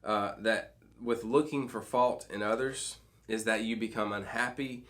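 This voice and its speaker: Male youth pastor, somewhat low voice, chatty devotional teaching, frequent check-ins. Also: fairly even intonation, unhurried, a bit bright. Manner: conversational, keeps checking in with "okay?" and "right?"; frequent restarts and fillers. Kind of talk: midweek devotional teaching to students.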